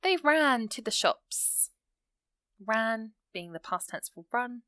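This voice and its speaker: A woman teaching an English grammar lesson, explaining rules step by step and reading out example sentences slowly. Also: on the high side, animated, a bit bright, clean tone, no room sound.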